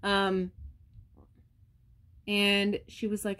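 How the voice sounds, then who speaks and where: A woman with a somewhat low speaking voice rants bluntly on her vlog. She swears freely and talks straight to her viewers in a casual, unscripted way. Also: measured pace, a little mellow. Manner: blunt, profane, ranting; addresses viewers directly. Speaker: vlogger. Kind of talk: casual rant to camera.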